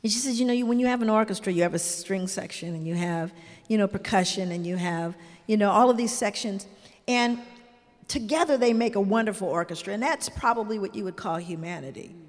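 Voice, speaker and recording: Long hall reverb surrounds this older woman, a grandmother speaking as a guest. At medium pitch and a little fast, she shares reflective stories in conversation, heartfelt and earnest, often adding "you know."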